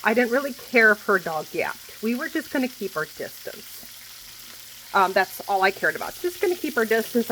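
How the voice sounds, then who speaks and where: A woman in her forties talking straight to camera at home, blunt and profane, hammering her points with repetition. Her voice sits in an ordinary middle pitch for a woman. Faint pan sizzle hisses behind her in the kitchen. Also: fairly bright tone, rough recording. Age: 40s. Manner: blunt, swears freely, repeats herself for emphasis. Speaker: vlogger. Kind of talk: casual venting monologue. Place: home kitchen while food cooks. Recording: faint frying noise behind. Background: food sizzling in a pan.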